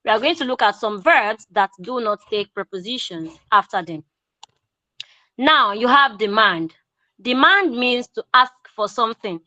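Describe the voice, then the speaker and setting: A woman with a Nigerian English accent teaching an online grammar lesson, repeating key phrases slowly for emphasis. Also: a little high, lively intonation, pushed and bright, no room sound, lo-fi sound.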